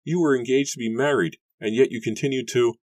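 A man's voice: medium pitch, steady tone, fast, a little mellow, no echo, studio quality, pitched above the performer's own voice, lightly acted. A man voicing a frightened young woman accused of witchcraft, speaking in an eager, pleading whisper.

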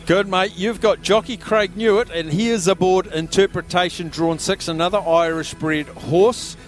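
A man hosting a live radio sweep draw from a busy pub, chatty and quick, raising his voice over the room. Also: high-pitched, fairly even intonation, soft background music.

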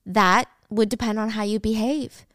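A woman's voice: medium pitch, steady tone, normal speed, fairly bright tone, dry recording, clean studio sound, close to an everyday voice. A woman voicing a menacing teen boy who holds a hostage, snarling and taunting with a lot of swearing.

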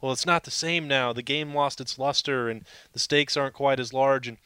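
A man's voice: mid-range voice, moderate pace, pushed and bright, clean tone, no room sound. A man co-hosting a casual sports podcast, talking eagerly through the analysis. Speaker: regular podcast co-host.

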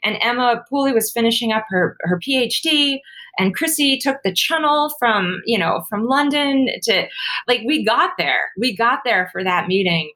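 A woman guest in a casual interview, telling her story in a lively, animated way with many fillers and laughs. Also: a little high, normal speed. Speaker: guest, former pro cyclist and author.

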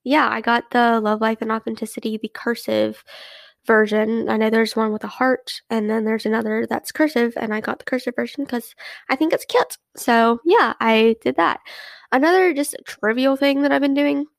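A woman's voice: fairly high pitch, fairly even intonation, normal speed, vocal fry, no echo. A young woman hosting a casual solo podcast, chatty and rambling, full of fillers and restarts. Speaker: podcast host.

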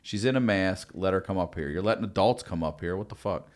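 A man's voice: sits low, fairly quick. A man telling stories in a casual podcast chat, cursing freely and acting out quoted dialogue. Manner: profane, animated storytelling with quoted dialogue. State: recovering from lung blood clots. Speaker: guest.

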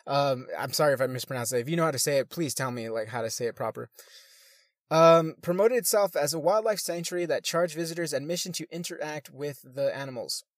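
A man's voice: on the high side, fairly quick, no room sound, clean studio sound. A man reading news articles aloud and adding crude, swearing comments between them, sometimes stumbling over words.

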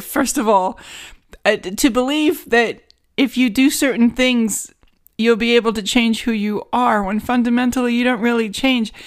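A woman with a New York accent hosts a casual solo podcast from a guest bedroom at home, sounding sarcastic, rambling, and self-mocking. Her voice is slightly high, and the recording is studio quality with no room sound.

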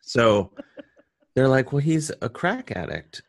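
An American man, a comedian guest, telling a story in casual chat and jumping into high voices when quoting people. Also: sing-song, slow, no room sound, clean studio sound.

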